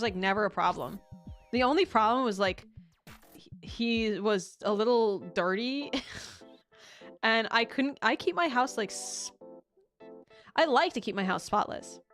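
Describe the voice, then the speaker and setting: A woman streamer in loose, rambling casual chat, her voice sitting a little high. She swears offhandedly, restarts her sentences and breaks into laughter often. Soft music plays faintly under her.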